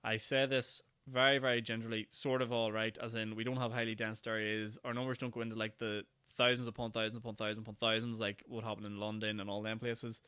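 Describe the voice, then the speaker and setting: Tired young Northern Irish podcast host. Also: male voice, on the low side, level tone, quick pace, hardly any pauses, sharp tone, clear, resonant tone, no echo. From Northern Ireland. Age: 20s. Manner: rambling, sarcastic, acts out mock quotes. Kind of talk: casual solo podcast monologue.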